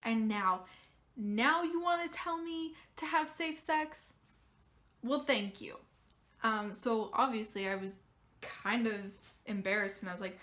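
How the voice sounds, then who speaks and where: Slow-talking young woman telling a personal story. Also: fairly high pitch. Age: young adult. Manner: candid, emotional, animated when quoting others. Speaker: vlogger.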